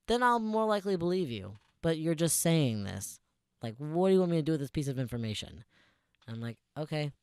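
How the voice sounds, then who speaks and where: A man's voice: fairly high pitch, big pitch swings, a little fast, darkish tone, clear, resonant tone, no room sound. Young guy ranting about work on a podcast, sarcastic, swears a lot, dry close mic. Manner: profane, sarcastic retelling of a work story. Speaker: podcast co-host. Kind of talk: casual podcast storytelling.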